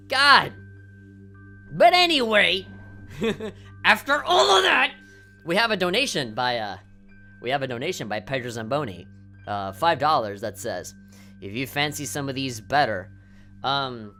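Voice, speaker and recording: A woman's voice: medium pitch, sharp tone. A woman game streamer ranting on a livestream, swearing often and heated, with lots of fillers.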